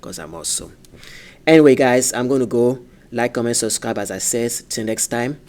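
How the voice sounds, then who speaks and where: A man with a French accent hosting a gaming video, talking in a casual, rambling way with many pauses and restarts. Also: medium pitch, fairly even intonation, a little mellow. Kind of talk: casual rambling commentary to camera.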